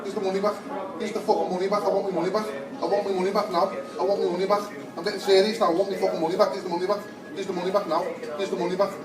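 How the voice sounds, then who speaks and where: A man's voice: sits high, little pitch movement, breathy edge. A man putting on the voice of a frantic, whiny man who begs for a refund and mutters the same demand over and over. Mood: whining. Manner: rapid muttered repetition.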